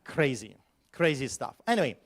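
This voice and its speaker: A pastor telling a personal story at a conference, animated and emphatic, with sudden loud bursts. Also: male voice, mid-range voice, moderate pace.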